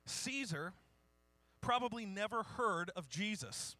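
A man's voice: high voice, expressive, slow, bright, forceful tone, no room sound. A man preaching a sermon, informal and self-deprecating, reading historical quotes aloud. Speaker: pastor.

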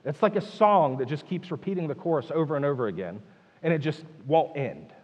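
Animated preacher in a reverberant hall. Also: male voice, a little high, brisk, lo-fi sound. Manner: animated, emphatic, rhetorical questions. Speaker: pastor. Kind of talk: sermon.

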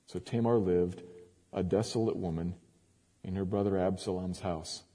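A man preaching, reading scripture aloud in a measured, emphatic way with sudden rises. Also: low-pitched, steady tone, mellow, slightly rough. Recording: long hall reverb.

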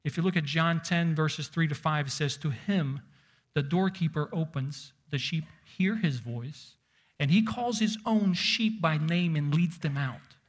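A man with a fairly high-pitched voice preaches an emphatic sermon, slowing down and dropping almost to a whisper to stress his points.

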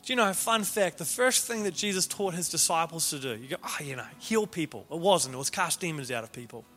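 A man preaching a sermon as he tells a story, animated and often repeating words at the start of phrases. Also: a little high, fast. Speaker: pastor. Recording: reverberant hall with faint music.

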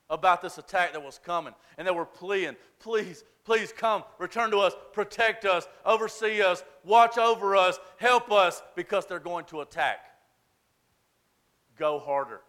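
A man preaching a sermon, swinging between shouted emphasis and hushed, quiet passages. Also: high voice. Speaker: pastor.

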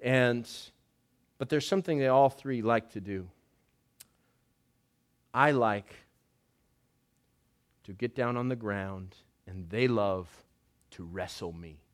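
A man in his thirties giving a sermon as pastor, conversational, with wry humor and slow, emphatic phrases. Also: on the low side.

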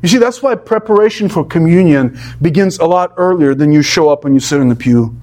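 Male pastor with a high voice, delivering an earnest, emphatic sermon. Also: lively intonation, fairly quick, a little mellow. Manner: earnest, emphatic preaching with rising and falling pitch.

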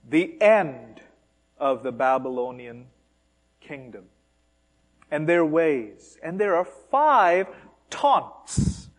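A male preacher with a high voice delivers a sermon at an unhurried pace. His pitch swings widely as he mocks with emphasis and poses rhetorical questions to the congregation. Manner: animated, mocking emphasis on taunts, rhetorical questions.

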